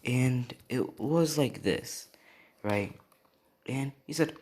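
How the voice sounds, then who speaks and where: A man's voice: mid-range voice, slow, a little mellow. A young man improvising a fan story, rambling with lots of fillers.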